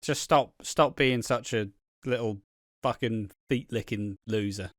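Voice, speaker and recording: A man's voice: medium pitch, unhurried, fairly bright tone, dry recording, clean studio sound. A young man hosting a podcast in casual, sweary, laid-back chat. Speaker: podcast host.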